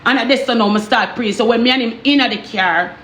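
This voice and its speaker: A Jamaican woman telling a story in casual patois, animated and repetitive, often asking the listener if they understand. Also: a little high, a little fast, roomy sound, slight background noise. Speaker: storyteller vlogger.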